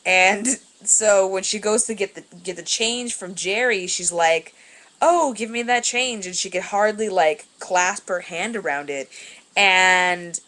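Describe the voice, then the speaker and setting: Young woman vlogger, slightly low voice, loose filler-heavy storytelling, webcam at home. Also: steady tone, unhurried, pushed and bright. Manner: rambling, filler-heavy, laughs while telling. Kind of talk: casual storytelling vlog.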